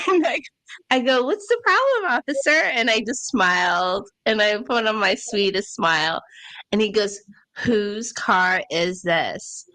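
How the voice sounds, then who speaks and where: A woman co-hosting a podcast, telling a story in a casual, animated way with laughs and acted-out quotes. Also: mid-range voice. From Ontario, Canada. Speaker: podcast co-host.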